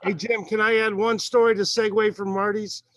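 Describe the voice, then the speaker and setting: A man's voice: high voice, level tone, normal speed, dry recording. A man in a band speaking earnestly, with stumbling restarts. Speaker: band musician. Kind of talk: casual interview talk.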